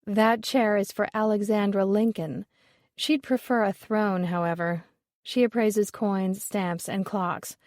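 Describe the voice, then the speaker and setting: A woman narrator voices a blunt, world-weary woman appraiser who brushes things off with dry dismissal. Her voice sits at an ordinary middle pitch and is recorded close and dry, with no room around it. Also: fairly even intonation, unhurried, a little mellow, no room sound, close to an everyday voice. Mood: dry, dismissive.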